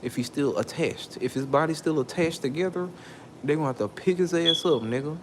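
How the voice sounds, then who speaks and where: A man venting in an angry vlog rant, swearing and jumping up in pitch as he gets worked up. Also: fairly quick, noisy background. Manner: angry ranting, swearing, voice leaping up when worked up. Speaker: vlogger. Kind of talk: heated venting monologue.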